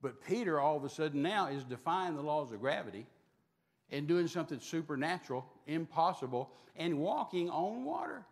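High-voiced folksy preacher in a hall. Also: male voice, normal speed. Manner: animated, folksy storytelling. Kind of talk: storytelling sermon.

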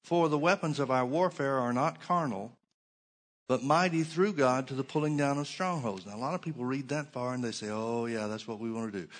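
Middle-aged guy preaching, mid-pitched voice, slows way down and repeats stuff for emphasis. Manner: preaching with shifting emphasis, slows to stress points. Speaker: pastor. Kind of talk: sermon.

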